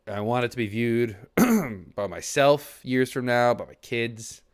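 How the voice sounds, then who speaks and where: Speaking a little slowly in a clear, resonant mid-range voice, a young man addresses his stream chat through a desk mic at his computer. The talk is reflective and casual, long and earnest, broken by restarts and an odd curse.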